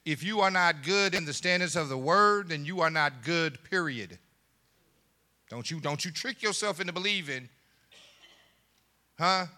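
A man's voice: a little high, unhurried, long pauses, sharp tone. A man preaching a sermon as pastor, with laughing asides and call and response to the congregation.

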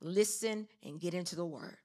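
A woman's voice: on the low side, moderate pace, dark tone. A middle-aged woman giving an informal sermon, conversational, laughing often and asking rhetorical questions. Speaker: preacher.

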